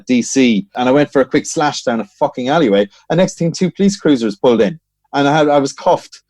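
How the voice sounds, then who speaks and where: A man's voice: a little high, dry recording. Swearing Irish man telling stories. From Ireland. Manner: swears freely, animated storytelling. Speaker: guest. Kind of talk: casual chat.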